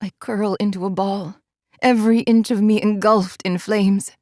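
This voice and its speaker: A woman's voice: mid-range voice, steady tone, moderate pace, a little mellow, no room sound, studio quality. A woman reading a first-person audiobook chapter in an intimate, emotionally charged way. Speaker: audiobook narrator.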